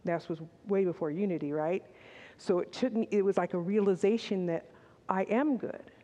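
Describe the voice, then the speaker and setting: Long reverb fills the large hall as an older woman gives a frank, chatty sermon at church, breaking off for personal asides and restarting often. She speaks at a moderate pace in a dark, mid-range voice, and the recording sounds muffled.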